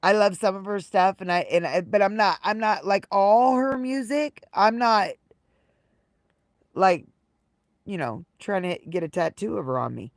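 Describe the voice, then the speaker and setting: A woman's voice: mid-range voice, animated, unhurried, no room sound, studio quality. A woman live streamer telling casual stories to her viewers, rambling and repeating her phrases. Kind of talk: casual livestream storytelling.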